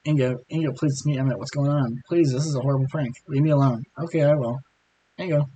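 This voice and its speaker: A hoarse man reading a worried young man's lines, pleading and anxious. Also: medium pitch, steady tone, fast, warm tone, slight background noise, close to an everyday voice, low-quality recording. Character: worried devoted young man, frantic about his brother.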